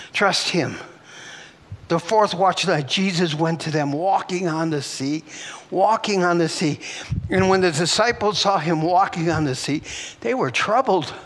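Older man, pastor delivering a sermon, lively swooping delivery, breathy exclamations. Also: high voice, long reverb tail. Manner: exclamatory, breathy whews and chuckles between phrases. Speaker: preacher.

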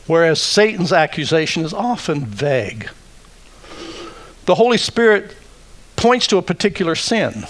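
Slow, deliberate male preacher. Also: a little high, fairly bright tone. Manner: deliberate, emphatic, wry asides. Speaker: pastor. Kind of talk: sermon.

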